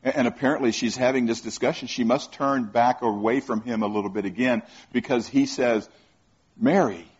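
Husky-voiced man preaching a sermon. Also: mid-range voice, steady tone, fairly quick, hardly any pauses, dull audio. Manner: conversational, asks the listeners questions, repeats words.

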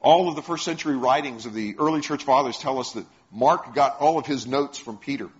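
A man's voice: medium pitch, fairly quick. A man preaching a sermon, retelling stories and putting questions to the congregation. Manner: storytelling, asks the congregation questions. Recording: dull lo-fi sound.

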